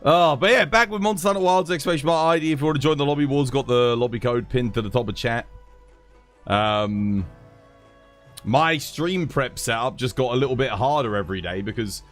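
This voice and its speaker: A man's voice: medium pitch, normal speed, faint music behind. A British man hosting his own live stream, chatting casually, laughing and swearing freely from his home streaming setup.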